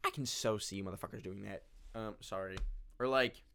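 A young man with a lowish voice talks a little fast while hosting a casual solo podcast. Sitting on the carpet in his bedroom at home, he rambles animatedly, swearing and using lots of fillers.

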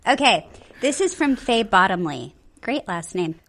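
A middle-aged woman co-hosting a podcast, chatting casually and telling animated stories. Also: medium pitch, unhurried. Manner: chatty, animated storytelling with laughs. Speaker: podcast co-host. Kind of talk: casual chat.

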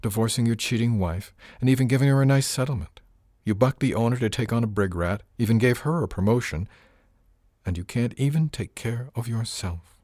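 A male narrator voicing a sharp-witted woman, a ship's chief engineer, who talks to her captain in a gently mocking, exasperated way. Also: medium pitch, fairly quick, dry recording, clean studio sound, pitched above the performer's own voice, close to an everyday voice. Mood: lecturing. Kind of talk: audiobook character voice.

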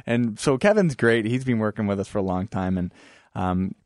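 Chatty, low-voiced business owner on radio. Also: male voice, fairly even intonation, normal speed, a little mellow, dry recording, clean studio sound. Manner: chatty, rambling, many fillers and laughs. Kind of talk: casual radio interview. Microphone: studio microphone.

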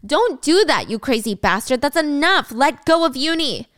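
A woman voicing an angry, protective teenage boy who speaks forcefully in a story recap. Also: a little high, expressive, fairly quick, clear, resonant tone, no echo, studio quality. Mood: indignant. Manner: forceful, indignant.

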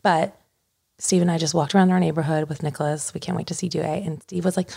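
A young woman chatting quickly on a podcast, her voice carrying a gravelly fry. She tells stories with animated energy and slips into the voices of the people she quotes. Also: deep voice. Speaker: podcast co-host. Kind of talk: casual chat.

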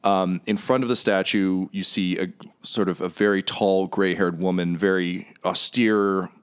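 Man, deep voice, tabletop game master, scene narration, hesitant fillers. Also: fairly even intonation, a little slow, clear, resonant tone. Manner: descriptive, lots of ums.

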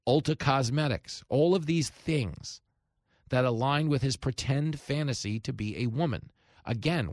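A man, hosting a talk radio show with animated, sarcastic commentary. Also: medium pitch, no room sound, clean studio sound. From New York.

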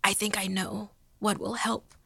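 A woman voicing a frightened young woman with a raw, hoarse throat, speaking in a hushed, breathy near-whisper. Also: medium pitch, level tone, measured pace, dry recording, clean studio sound, pitched above the performer's own voice, full character voice. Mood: hushed pleading.

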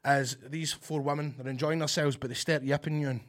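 A man's voice: a little high, a little fast. A Scottish man co-hosting a podcast, telling comic stories with lots of swearing and acted-out voices. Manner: animated, sweary, acts out voices in anecdotes. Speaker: podcast co-host. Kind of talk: casual comic storytelling.

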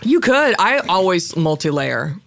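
A man's voice: sits high, very animated, a little slow, vocal fry, fairly bright tone. A man, co-hosting a casual comedic podcast chat in a playful, joking way. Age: 30s. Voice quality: slight lisp. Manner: playful, joking, trails off into laughs. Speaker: podcast co-host.

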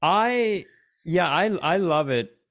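A man's voice: sits high, expressive, slow, fairly bright tone. A middle-aged man co-hosting a podcast, chatting casually with dry, teasing asides. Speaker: podcast co-host. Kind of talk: casual chat.

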